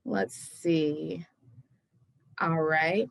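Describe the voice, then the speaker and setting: A young woman poet reading her poems aloud at a virtual event, measured and emphatic, pressing hard on the questions. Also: sits low, fairly even intonation, creaky, dry recording. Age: young adult. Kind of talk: poetry reading. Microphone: video call.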